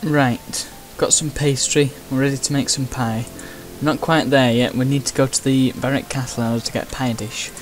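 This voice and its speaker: Chatty gamer. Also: male voice, medium pitch, fairly even intonation, moderate pace, hardly any pauses, soft background music. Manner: chatty, wry asides. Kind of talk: casual gameplay commentary.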